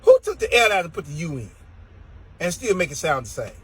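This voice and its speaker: A man delivers an exasperated comic rant with a husky, slightly raspy edge. His pitch sits a little high and swings widely as he drags words out for emphasis, in a loose drawl. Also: sing-song, fairly quick, fairly bright tone, low-quality recording. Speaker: comedian. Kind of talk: comedic rant to camera.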